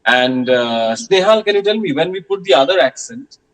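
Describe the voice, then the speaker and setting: A man's voice: on the high side, expressive, moderate pace, fairly bright tone, low-quality recording. A man teaching a French class, patiently repeating questions and sounds with many hesitations.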